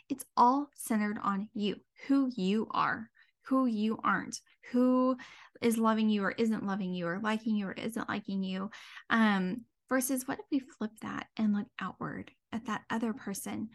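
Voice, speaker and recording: An earnest woman in her thirties hosts a solo podcast, speaking in a mid-range voice. She talks heartfelt and unscripted, full of fillers like "um" and "you know". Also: mid-range voice. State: tearing up, near crying. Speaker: podcast host, dietitian and mindset coach.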